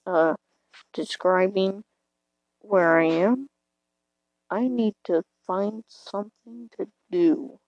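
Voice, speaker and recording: A woman's voice: mid-range voice, a little mellow, no room sound, poor audio. A teenage girl rambling hesitantly into her phone from her bed late at night, self-deprecating, her voice cracking now and then. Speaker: podcaster. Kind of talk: casual rambling monologue.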